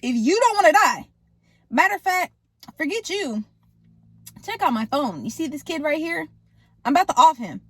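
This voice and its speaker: Woman playing a menacing killer dad, slangy threats, voice sits a bit high, dry sound. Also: big pitch swings, a bit bright, no echo. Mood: threatening. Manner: casual slangy threats, drawn-out taunts. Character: menacing middle-aged male serial killer father.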